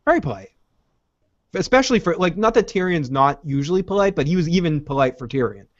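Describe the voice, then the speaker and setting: Man, slightly high voice, lively co-host who acts out lines, dry dull lo-fi audio. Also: fast talker, no echo. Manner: animated, acts out quotes, laughs often. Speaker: podcast co-host. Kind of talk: casual recap chat.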